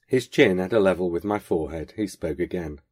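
A man reading a first-person short story aloud in a measured, wry storytelling manner. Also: deep voice, a little mellow. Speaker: podcast host reading a story.

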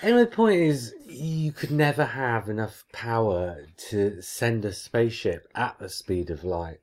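A man co-hosting a podcast, chatting casually and reading a listener's email aloud with lively emphasis. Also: mid-range voice, measured pace. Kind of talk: casual chat.

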